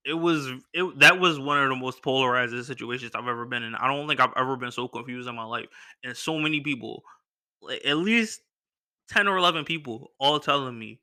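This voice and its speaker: Young man, podcast host; casual slangy storyteller, bright, forward tone. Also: medium pitch, a little fast, clean tone. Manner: animated, acts out other people's lines in a raised voice, slangy.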